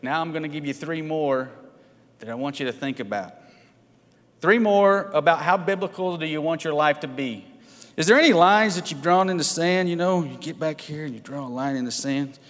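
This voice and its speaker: Preaching a midweek sermon in a church sanctuary, a man speaks in a fairly high, fairly bright voice with lively intonation and a moderate pace, and a long reverb trails behind him. His manner is conversational: he poses questions, keeps saying "right?" and asks for a show of hands.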